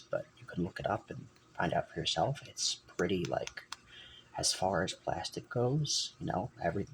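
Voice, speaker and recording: Rambling low-voiced man with gravelly fry. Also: noisy background. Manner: meandering, self-correcting, drops to near whispers at times. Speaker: channel host. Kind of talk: rambling personal vlog talk.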